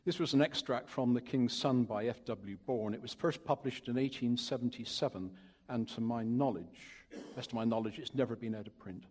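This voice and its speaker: Husky man speaking in an echoing church. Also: mid-range voice, normal speed, a little mellow. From Cornwall. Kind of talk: sermon-style reading and talk. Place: church during a service. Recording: long reverb of a large hall.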